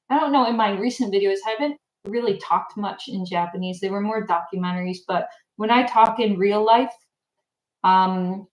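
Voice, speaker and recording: A woman from Michigan chatting casually on a livestream, animated and laughing often as she answers viewer comments. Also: medium pitch, echoey room, rough recording. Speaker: language YouTuber.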